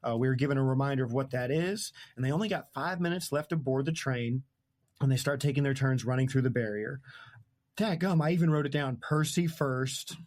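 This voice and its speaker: A man hosts a podcast, retelling a book in casual, chatty fashion. He jokes constantly, laughs at his own asides, and lets sentences trail off mid-thought. His voice sits at an ordinary middle pitch for a man. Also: fairly quick, a little mellow. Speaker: podcast host.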